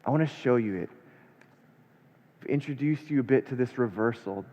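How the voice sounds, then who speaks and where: A man preaching a sermon, reading scripture aloud and then unpacking it with rhetorical questions, his delivery swinging between hushed and emphatic. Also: medium pitch, normal speed. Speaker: pastor. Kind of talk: expository sermon. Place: church sanctuary. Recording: long church reverb, dull lo-fi sound.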